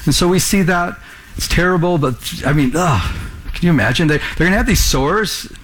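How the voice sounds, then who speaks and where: A man's voice: on the high side, lively intonation, moderate pace, fairly bright tone. A man preaching a sermon to a congregation in the room, earnest, pressing them with rhetorical questions. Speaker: pastor.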